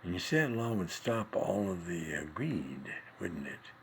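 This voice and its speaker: A man's voice: sits low, very animated, a little slow, vocal fry, slight background noise, full character voice. A man playing an ancient old Jewish man who rambles folksy, preachy wisdom and tells jokes with Yiddish words in a comic monologue. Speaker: comedic host.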